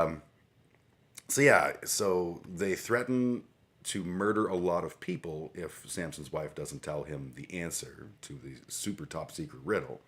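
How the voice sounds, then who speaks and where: A man's voice: low voice, a little slow, fairly bright tone. A man hosting a livestream, reading scripture aloud and adding sarcastic, irreverent, rambling commentary. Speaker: livestream host.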